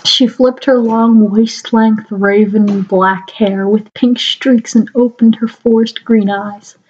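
Slow giggly young woman reading aloud. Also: on the high side, steady tone, a little mellow. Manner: giggling often, mocking the text. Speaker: fanfic reader. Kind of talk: dramatic reading with commentary. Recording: dull lo-fi home recording.

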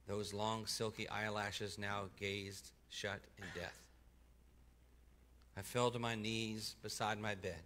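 A man reading a first-person story aloud at a church service, expressively, slowing and softening for grave moments, with occasional stumbles and self-corrections. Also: on the low side. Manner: expressive, slows down and drops soft for grave moments.

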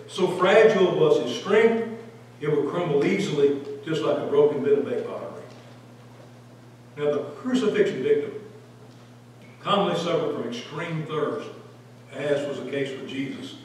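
A man's voice: on the high side, a little hiss or hum. Man teaching a church Bible class. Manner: animated, acts out quoted voices, asks the class questions. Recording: echoey room taped from a distance.

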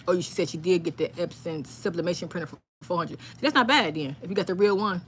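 A woman hosting a casual live stream, rambling excitedly and reading viewers' comments aloud. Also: on the low side, quick pace, a little hiss or hum.

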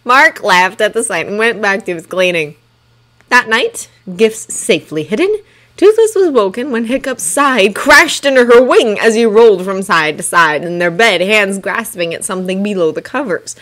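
A woman reading a fanfiction story aloud in steady storytelling narration. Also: mid-range voice, normal speed. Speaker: fanfiction reader. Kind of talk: audiobook narration.

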